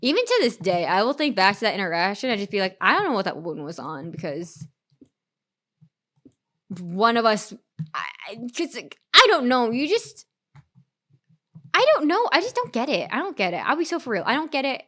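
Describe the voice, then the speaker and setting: Brief: young woman streamer, chatty rambling storyteller, bouncy lively intonation. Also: a little high, fairly quick. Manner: rambling, full of "like" and restarts. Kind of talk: casual storytelling chat during a game stream.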